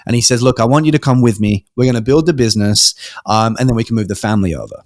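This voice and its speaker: A young man who grew up in Britain tells a personal story as a podcast guest, at an ordinary mid-range pitch. He talks casually, stumbling and restarting, and slips into the voices of the people in his story. The recording is close and dry. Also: fast talker, no echo. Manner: animated storyteller, acts out quoted voices, frequent ums and restarts.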